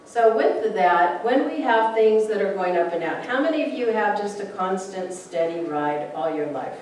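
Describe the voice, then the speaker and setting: A middle-aged woman minister giving a conversational sermon, chatty and animated, playfully acting out quoted voices. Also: medium pitch, moderate pace, a little hiss or hum. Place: church hall. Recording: echoey hall, mic from a distance.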